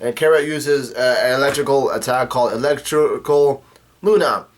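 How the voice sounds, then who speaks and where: A man talks through a manga chapter in a loose, rambling way, stopping often on "uh" and restarting his sentences. His voice sits at an ordinary middle pitch for a man. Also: moderate pace. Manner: rambling, full of "uh" fillers and restarts. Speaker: manga reaction host. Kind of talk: casual manga recap.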